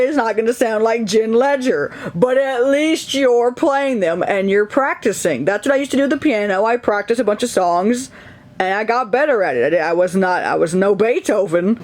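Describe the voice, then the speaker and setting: A man's voice: extremely high pitch, expressive, moderate pace. A young adult man chatting casually from his bed in a vlog, rambling and candid, laughing often. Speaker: video creator. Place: his bedroom, lying in bed.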